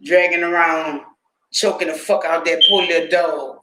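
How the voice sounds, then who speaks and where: A man's voice: fairly high pitch, steady tone, normal speed, roomy sound, background noise. A man hosting a livestream, giving casual, profane commentary, often laughing and talking to his chat. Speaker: livestream host.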